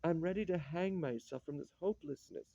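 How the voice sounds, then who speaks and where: Man reading as a sardonic old count, mocking and bitter, a bit high-pitched, mellow tone, dull dry sound. The teasing never lets up. A stage-play nobleman gone sour. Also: brisk, vocal fry, dry recording.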